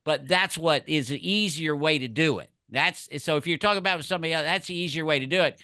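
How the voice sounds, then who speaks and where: A man's voice: fairly high pitch, fast, bright, forceful tone, no echo, clean studio sound. A man on a podcast panel, making his case in a folksy, conversational way. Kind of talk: casual panel discussion.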